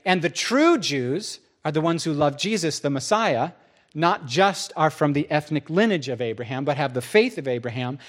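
Guy pastor preaching, fairly high voice, lively storytelling, does little voices for quotes. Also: normal speed. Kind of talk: sermon.

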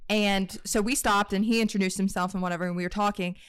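A woman's voice: medium pitch, fairly even intonation, fast talker, clean tone, no echo. A woman with a West Virginian accent, co-hosting a podcast and telling rambling stories with laughs and swearing. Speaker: podcast co-host. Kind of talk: casual chat.

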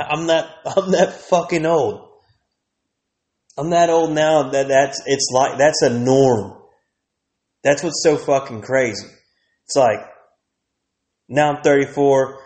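A man's voice: mid-range voice, darkish tone, roomy sound. A man, ranting crudely and rambling as a podcast host, laughing often. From Texas. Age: 30s. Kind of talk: profane comedic rant.

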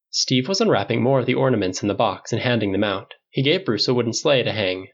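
A man reading fan fiction aloud in an expressive storytelling manner. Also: mid-range voice, fast talker, hardly any pauses, highs cut off. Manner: expressive, does voices. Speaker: audiobook reader.

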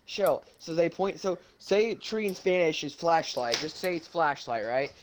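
A man's voice: a little high, lively intonation, measured pace, noisy background. Young man, rambling and hesitant. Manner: rambling, hesitant, many likes and restarts. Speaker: podcast co-host. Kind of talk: casual chat.

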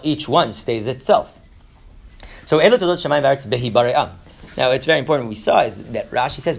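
A man giving an informal Torah lesson, rambling with fillers and restarts, mixing in Hebrew terms and slipping into quick comic voices for characters. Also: medium pitch, creaky. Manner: mixes Hebrew terms into English. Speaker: Torah teacher. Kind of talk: informal lecture.

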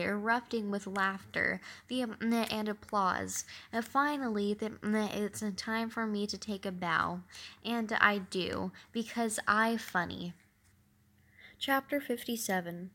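A woman reading a novel aloud, halting often with fillers and restarts. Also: medium pitch, fairly bright tone. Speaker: reader.

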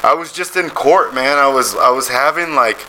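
A man's voice: mid-range voice, normal speed, bright, forceful tone, a little hiss or hum, rough recording. A man telling a long rambling story in casual podcast chat, swearing freely.

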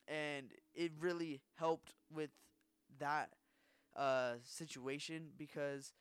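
A man's voice: on the high side, clean tone, dry recording. Rambling young man telling a story. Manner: rambling, lots of fillers and restarts, candid. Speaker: podcast host. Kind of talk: casual storytelling monologue.

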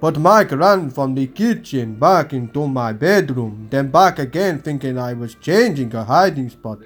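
A man hosting a podcast, reading a first-person audiobook aloud in a steady storytelling delivery. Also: medium pitch, measured pace, faint music behind.

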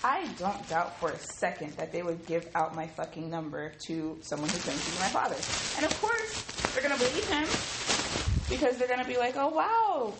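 A woman hosting a podcast from her home kitchen, telling a story in a profane, rambling, animated way. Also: mid-range voice, moderate pace, heavy background noise. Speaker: podcast host. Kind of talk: casual storytelling monologue.

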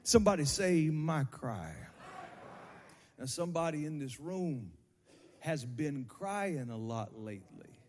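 A male pastor preaching a sermon to his congregation on a handheld microphone, building from slow teaching into shouted, sung cadences. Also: medium pitch, lively intonation, in a large hall. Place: church sanctuary.

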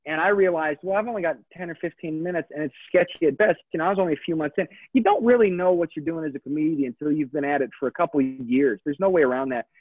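A man's voice: a little high, fast, few pauses, no echo. A man in his thirties, a comedian, telling his story in a chatty, digressive way and often correcting himself. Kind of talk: casual storytelling interview. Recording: tinny phone-like line, dry.

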